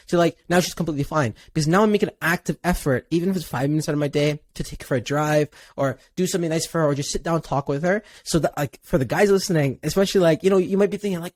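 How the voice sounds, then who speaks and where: A man's voice: a little high, fast, hardly any pauses, a little mellow, no room sound. A man hosting a podcast, earnestly sharing personal advice with listeners. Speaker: podcast host. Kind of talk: casual podcast interview.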